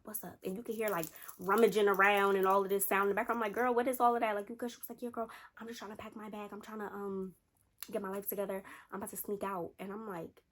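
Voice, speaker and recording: Chatty young woman telling a story. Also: mid-range voice. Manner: animated, chatty, addresses viewers as y'all; acts out friends' lines, whispers some quotes. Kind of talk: casual storytime.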